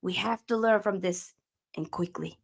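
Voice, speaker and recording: A defiant middle-aged football boss, put on by a woman speaks in a slow, stiff press-conference manner. The voice has a gravelly edge to it. He is dour and sure he will bounce back. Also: medium pitch.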